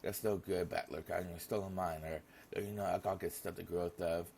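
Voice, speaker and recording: A man voicing a polite, soft-spoken young man in his twenties. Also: deep voice, steady tone, brisk, vocal fry, a little hiss or hum. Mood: gentle. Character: polite gentle young man, older cousin.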